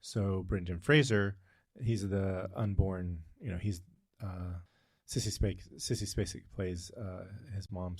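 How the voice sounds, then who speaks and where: A man's voice: sits low, warm tone, no echo, clean studio sound. A man co-hosting a casual podcast, telling a long story with frequent tangents and fillers. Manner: rambling, goes off on tangents, many fillers. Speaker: podcast co-host.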